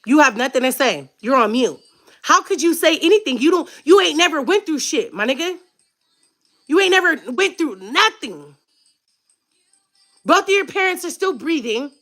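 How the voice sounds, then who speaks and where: Woman vlogger, 30s, very high bright voice, emotional shouting rant. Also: big pitch swings, normal speed, pauses often, faint music behind. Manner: angry, tearful, shouting at times.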